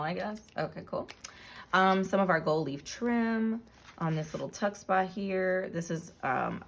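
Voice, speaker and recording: A woman flips through her handmade journal and narrates casually, relaxed and full of ums and self-corrections. Her voice sits low and sounds gravelly.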